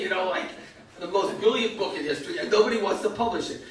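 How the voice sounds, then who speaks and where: A man's voice: high-pitched, very animated, quick pace. An older American man tells a self-mocking story to an audience, acting out voices. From United States. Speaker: speaker. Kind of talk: storytelling talk. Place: synagogue hall. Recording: echoey hall from far off.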